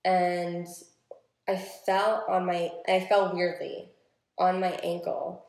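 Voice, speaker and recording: A woman in her twenties chats casually, padding her stories with filler words. Her voice sits a little low. It is captured on a phone in an echoey room. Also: little pitch movement, slow, darkish tone. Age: 20s. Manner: chatty storytelling with many "like" fillers. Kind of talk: casual chat. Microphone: phone recording. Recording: roomy phone recording.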